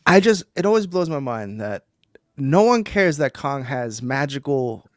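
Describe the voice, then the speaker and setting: A man in casual stream chat, animated and joking, acting out mock quotes. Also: mid-range voice, measured pace, no echo, studio quality. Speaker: stream co-host.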